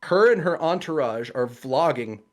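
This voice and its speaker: A man's voice: on the high side, animated, moderate pace. A man, a guest cosplayer on a livestream, telling a casual story with laughs and quoted voices over a video call.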